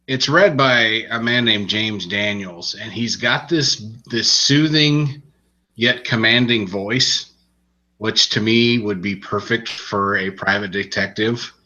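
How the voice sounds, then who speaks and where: A man with a low voice and a sharp, forward tone recaps a crime novel on a podcast in loose, rambling chat. The recording is muffled and lo-fi. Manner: relaxed, rambling storytelling with restarts. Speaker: podcast co-host reviewing books. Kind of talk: casual chat.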